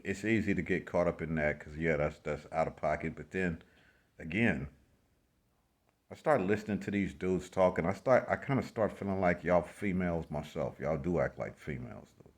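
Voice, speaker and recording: A man from the United States ranting in a blunt, slangy way to his vlog audience, repeating himself with exasperation. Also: a bass voice. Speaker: vlogger. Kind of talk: casual ranting commentary.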